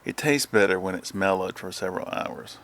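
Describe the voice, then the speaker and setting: A man's voice: deep voice, brisk, a bit bright, a little hiss or hum. A man hosting a casual podcast chat at home, rambling and telling stories. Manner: rambling, mimics voices when retelling. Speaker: podcast host.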